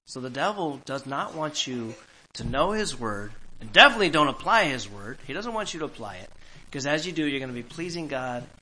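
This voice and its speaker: A man's voice: mid-range voice, pushed and bright, a little hiss or hum, rough recording. A man preaching a sermon, emphatic and asking the congregation questions as he reads scripture. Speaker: pastor.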